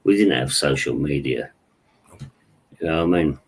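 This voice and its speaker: A man, earnest and agreeable, a little halting in casual podcast chat. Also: a bass voice, breathy edge. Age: 40s. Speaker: podcast co-host.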